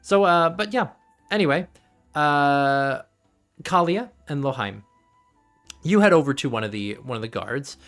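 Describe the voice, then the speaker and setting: A man acting as game master of a tabletop game, rambling with many fillers and quick laughs. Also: on the high side, animated, a bit bright, faint music behind.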